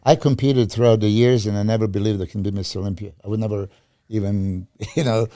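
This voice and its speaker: A middle-aged man guesting on a podcast, pressing his points emphatically with frequent restarts. His voice is low and dark, recorded dry and close. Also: steady tone, fast talker, no room sound. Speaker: podcast guest, former pro bodybuilder. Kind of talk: casual podcast chat.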